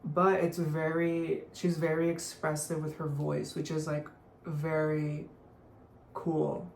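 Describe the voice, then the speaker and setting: A woman's voice: sits low, little pitch movement, takes it slowly, gravelly, darkish tone. A young woman chatting casually through a makeup tutorial, full of "like" fillers and offhand remarks. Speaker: beauty vlogger. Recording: echoey room, faint noise.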